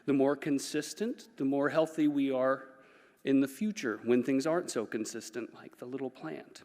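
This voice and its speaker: A man giving a lively conference talk as a psychologist, playfully acting out the voices he quotes. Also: mid-range voice, normal speed. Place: conference hall. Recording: reverberant conference hall.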